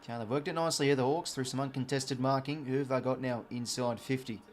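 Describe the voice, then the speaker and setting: Excitable Australian man calling live football. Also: mid-range voice, fast talker, a little hiss or hum. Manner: excitable calling that surges on big plays, chatty asides to viewers. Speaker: watch-along host. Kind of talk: live play-by-play commentary over a match.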